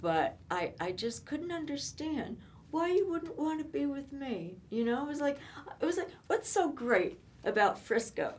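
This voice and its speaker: Woman in her 70s, higher voice, animated storyteller, casual reminiscing. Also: moderate pace, few pauses, slight background noise. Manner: animated storytelling, laughs often. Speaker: co-host.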